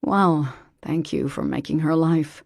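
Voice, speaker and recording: A woman voicing a kind, gently reassuring young woman in an audiobook. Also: deep voice, fairly even intonation, a little slow, vocal fry, dry recording, clean studio sound, full character voice. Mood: friendly.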